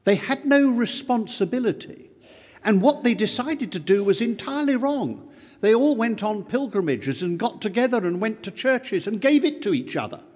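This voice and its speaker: Older man giving a slow, lively speech. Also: sits high, in a large hall. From Britain. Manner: measured, emphatic oratory with slow pauses. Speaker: conference speaker. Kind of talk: formal speech. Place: large town hall.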